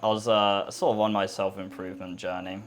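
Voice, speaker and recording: A young man hosting a podcast in casual chat, relaxed, laughing along and reacting briefly. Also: deep voice, fairly quick, a little hiss or hum. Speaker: podcast host.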